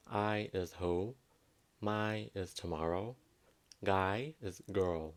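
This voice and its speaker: A man with a Southwestern Vietnamese accent giving a pronunciation lesson, repeating each word slowly and carefully. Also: low-pitched. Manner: slow, careful teaching, repeats words for emphasis. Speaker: language teacher.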